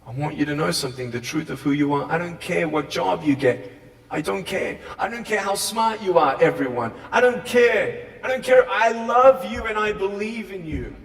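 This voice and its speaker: An Australian man giving an animated motivational speech to a school audience, swinging between quiet talk and shouting. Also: high-pitched, moderate pace, vocal fry. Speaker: motivational speaker. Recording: echoey hall, far from the mic.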